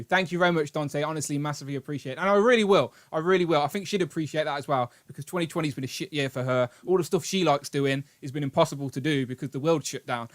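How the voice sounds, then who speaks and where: A British man hosting a live stream, telling a long story in an animated, rambling way with grumbling asides. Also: fairly high pitch, fast talker, few pauses. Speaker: host. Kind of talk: casual live-stream chat.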